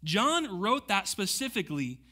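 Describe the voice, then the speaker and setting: A man's voice: high voice, measured pace. A young man preaching a casual sermon, reading scripture and acting out the people in it with chatty slang asides. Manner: conversational, animated, acts out quotes with slang asides.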